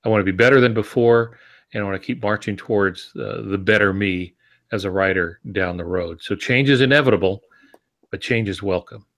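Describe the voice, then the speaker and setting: A man with a fairly low voice chats on a podcast about the craft of writing. He explains his ideas in a relaxed, reflective way. He often pauses on ums and restarts his sentences as he thinks aloud. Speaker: podcast co-host.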